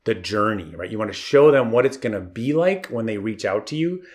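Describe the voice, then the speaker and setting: A man coaching photographers in a live online webinar, energetic and encouraging, with tough-love advice and chat shout-outs. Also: fairly low pitch, fairly quick. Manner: reads chat comments aloud. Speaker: marketing coach. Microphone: online video call.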